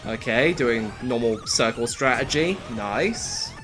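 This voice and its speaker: A streamer giving casual live reaction commentary, excitable, with quick exclamations and casual slang aimed at chat. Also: medium pitch, over music. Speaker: livestreamer.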